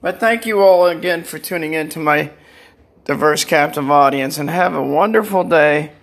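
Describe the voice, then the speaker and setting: A man's voice: on the high side, moderate pace, a bit bright. An older man talks in a rambling personal monologue, defiant and taunting, and he breaks into laughter now and then. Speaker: vlogger.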